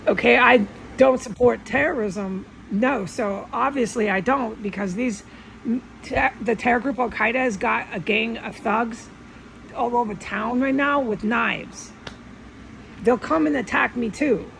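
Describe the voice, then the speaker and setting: Gravelly woman rambling defensively. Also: on the high side, a little slow, fairly bright tone, a little hiss or hum, rough recording. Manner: defensive, rambling, repeatedly insisting. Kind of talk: casual monologue vlog. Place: at home.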